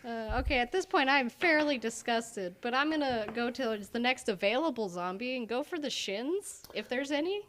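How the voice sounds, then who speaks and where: A woman's voice: on the high side, expressive, normal speed, few pauses, fairly bright tone, a little hiss or hum. A woman playing a tabletop role-playing game, playful and a little unsure of the rules. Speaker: player.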